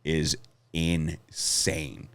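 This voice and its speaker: A man with a low voice tells long, rambling stories, swearing freely along the way. He speaks in casual podcast chat. The sound is dry and close to the mic. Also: completely flat delivery, drawn-out words, clean tone, no room sound. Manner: rambling storytelling, laughs often, swears. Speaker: comedian guest.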